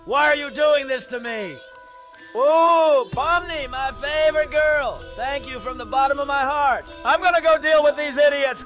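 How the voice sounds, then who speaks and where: A man reacting to short videos, talking to his viewers in an excitable, shouty way full of exclamations. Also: extremely high pitch, unhurried, soft background music.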